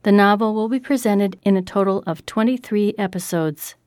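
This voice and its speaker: A woman reading a formal radio announcement in a clear manner. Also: mid-range voice, moderate pace, a little mellow, no room sound, studio quality. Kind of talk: scripted station announcement.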